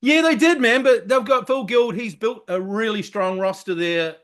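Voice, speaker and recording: A middle-aged man, co-hosting a casual sports podcast, talking excitably and swearing freely. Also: high voice, moderate pace. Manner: excitable, loud, swears freely, mimics people. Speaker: podcast co-host.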